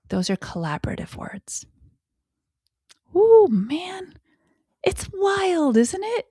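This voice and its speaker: A woman hosting a parenting talk show, speaking expressively, slowing down to stress key words and dropping into whispered asides. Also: breathy edge, no room sound, clean studio sound. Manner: expressive, with sudden pitch jumps and whispered asides; slow, deliberate emphasis on key words. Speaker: parenting educator. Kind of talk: podcast talk on child communication.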